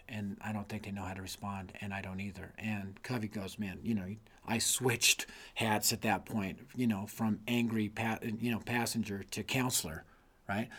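A middle-aged man giving an energetic, conversational teaching talk on youth ministry, emphatic and folksy, full of asides. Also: medium pitch. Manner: emphatic, conversational, lots of 'man' and 'you know'.

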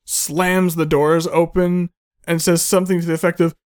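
A man chatting casually about films, animated, laughing often and slipping into put-on voices when quoting. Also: on the high side, moderate pace, smooth, no room sound, clean studio sound.

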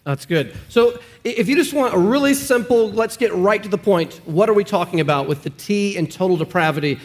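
A man's voice: sits high, brisk. A man, a pastor, telling stories and preaching in an earnest, emphatic way during a team sermon discussion.

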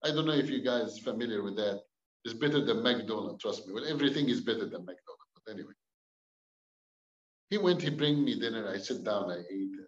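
A man's voice: lowish voice, animated, brisk. A man, a pastor, telling a dramatic personal story with wry jokes and acted-out dialogue. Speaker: pastor and guest. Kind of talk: storytelling testimony. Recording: dull, roomy recording.

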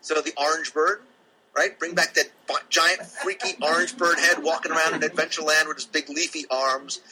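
A man's voice: a little high, steady tone, a little fast, background noise. A man chatting casually as a podcast guest, thinking aloud with plenty of fillers from his own room. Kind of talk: casual chat. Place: his own room, away from the live audience.

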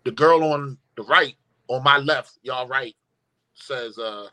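Animated man, bright voice. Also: medium pitch, takes it slowly. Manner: animated, emphatic, profane storytelling. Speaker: guest. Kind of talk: storytelling in casual conversation.

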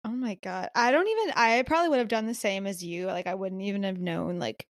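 A woman's voice: mid-range voice, fairly quick, no echo, studio quality. A young woman hosting a casual chat, reacting with shocked exclamations.

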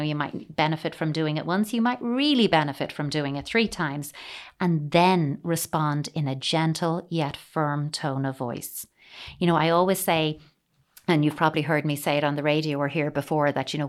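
A woman giving parenting advice in a calm, measured coaching tone, often saying "you know". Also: sits low. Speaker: parenting expert.

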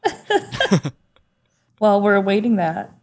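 Female co-host, mid-pitched, dry humor, casual chat. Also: sing-song, slow. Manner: wry, sarcastic asides. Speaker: podcast co-host.

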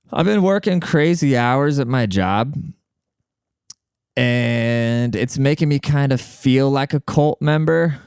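A young man riffs casually into a close mic, tossing in swear words and a steady stream of "dude". His voice is smooth and clear, sitting at an everyday middle pitch. The sound is dry, with no room around it. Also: dry recording. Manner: profane, slangy, jokey, says "dude" constantly. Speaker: podcast host. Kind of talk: casual rambling monologue.

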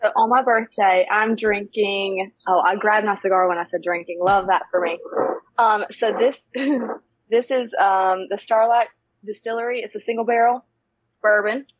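A woman's voice: mid-range voice, steady tone, normal speed, no room sound, poor audio. A woman with a Southern US accent, chatting easily as a podcast guest from a cigar lounge, giggling often. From North Carolina. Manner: giggly, easygoing drawl. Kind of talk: casual chat. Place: private cigar lounge room.

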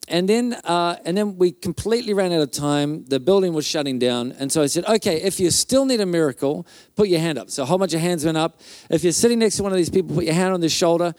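A man's voice: on the high side, darkish tone, no echo, clean studio sound. A male pastor telling a healing story in a conference sermon, loose and chatty, with fillers and restarts and little mouth sound effects.

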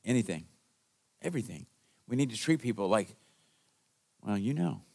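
A man's voice: animated, normal speed, vocal fry. A man preaching a sermon as pastor, earnest and conversational, with call-and-response asides to the congregation and quoted lines acted out in a raised voice. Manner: acts out quoted voices with big jumps in pitch and loudness.

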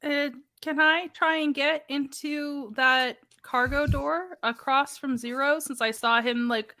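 A woman's voice: sits high, steady tone, slow pace, sharp tone. A woman playing a tabletop role-playing game, eagerly describing her character's actions. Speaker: player.

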